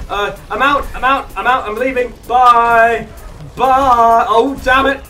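A streamer giving excitable live commentary on a shooter game, yelping, swearing and laughing often. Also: mid-range voice, slow, distant mic, soft background music.

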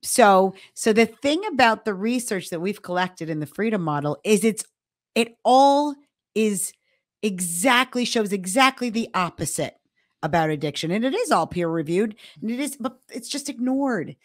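A woman's voice: mid-range voice, expressive, normal speed, no room sound, studio quality. A middle-aged woman co-hosting a podcast, explaining her points emphatically in casual talk. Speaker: podcast co-host.

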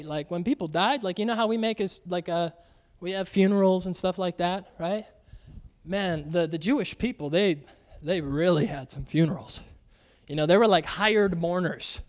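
A young male pastor with a very high voice preaches in a loose, conversational way. He keeps saying "like" and "y'all" and slips into voices to act out the story. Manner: chatty and animated, says "like" and "y'all" often, acts out Bible voices. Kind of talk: casual conversational sermon.

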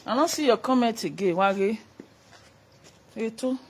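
A woman's voice: a little high, lively intonation, measured pace, slightly rough. A woman with a Nigerian Pidgin accent, casually chatting on a livestream, reading out viewer comments and laughing often. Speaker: livestream host.

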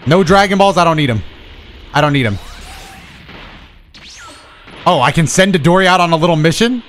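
A young man streaming a video game, talking to himself in excitable, profane commentary. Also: on the high side, moderate pace, slight background noise. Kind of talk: casual gameplay commentary.

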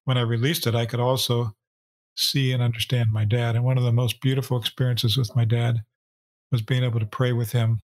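A middle-aged man co-hosting a faith podcast, speaking in a calm, steady teaching tone. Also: medium pitch, a little fast. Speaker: podcast co-host.

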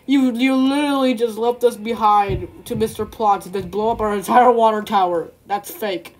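A woman in a comic improvised role-play chat, talking in a frantic way, yelling and laughing. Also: on the high side, fairly even intonation, moderate pace.

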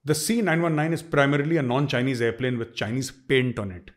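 A middle-aged man with an Indian accent delivers opinion commentary in an emphatic, forceful way. He hammers his points home through repetition. His voice sits at an ordinary mid pitch for a man. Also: fairly quick. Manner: forceful, emphatic, repeats for stress.

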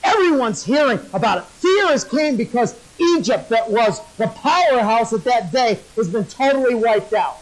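A man's voice: very high voice, lively intonation, moderate pace, hardly any pauses, low-quality recording. A male pastor preaching a sermon, folksy and joking as he tells a story.

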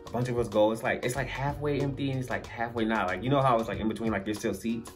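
A man's voice: medium pitch, steady tone, fast talker, faint music behind. A young adult man telling a funny personal story to camera in a casual, slangy way, laughing as he goes. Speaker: storyteller vlogger. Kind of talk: casual story-time monologue.

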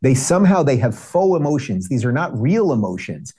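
A man talking as a guest on a political show, with a mellow, dark tone to his voice. He sounds earnest and indignant, and he slips in dry jokes as he goes. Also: medium pitch, sing-song, a little fast, husky. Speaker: guest commentator. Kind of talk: political talk.

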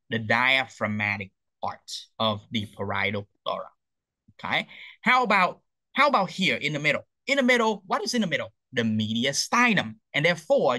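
A man's voice: mid-range voice, dry recording, rough recording. A man giving an anatomy lecture, tagging "okay?" onto points and asking rhetorical questions he answers himself. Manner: lively, repeats "okay?" to check understanding.

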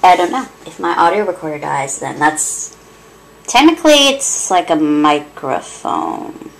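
Excitable, giggly woman playing a game. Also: low voice, unhurried, gravelly, slight background noise. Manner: excitable, giggly, swears and mutters. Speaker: let's play host. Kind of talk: gameplay commentary. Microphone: cheap headset.

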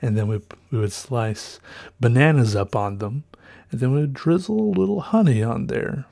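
A podcast host with a dark, medium-pitched voice, lively intonation, and vocal fry tells a rambling story at normal speed. Slightly out of breath, he corrects himself often and trails off with fillers.

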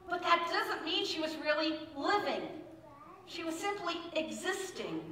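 A woman's voice: high voice, sharp tone. A woman pastor giving a conversational sermon in a church, telling the story with acted-out quotes. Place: church sanctuary. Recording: echoey church room, mic at a distance.

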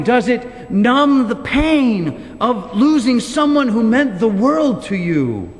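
A man preaches from the pulpit, his fairly high voice swinging widely in pitch as he drives home his rhetorical questions. His slow, deliberate delivery carries a long reverb from the church sanctuary. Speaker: pastor. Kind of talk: sermon.

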